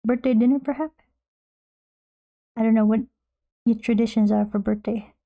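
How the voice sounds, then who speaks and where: A woman's voice: fairly high pitch, fairly even intonation, normal speed, phone-quality sound. A young woman streaming, chatting casually and playfully with her chat as she draws, rambling and restarting her sentences.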